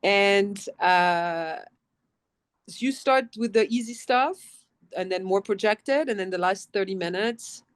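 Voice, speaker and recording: Animated French-accented woman telling stories. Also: medium pitch, takes it slowly. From France. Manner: animated storytelling, acts out quotes, swears casually. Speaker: guest voice actress. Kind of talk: casual interview chat.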